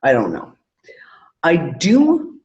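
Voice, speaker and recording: A man with a slightly high, a little mellow voice speaks slowly with huge pitch swings. Co-hosting a casual, loose live online talk show as a podcast co-host, he trails off mid-thought and swears freely, heard over dull lo-fi call audio.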